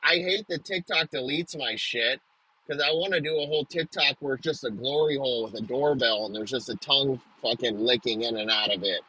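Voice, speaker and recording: A man's voice: mid-range voice, brisk, sharp tone, husky, low-quality recording. A young man ranting in a profane comedic monologue, riffing crudely with frequent restarts.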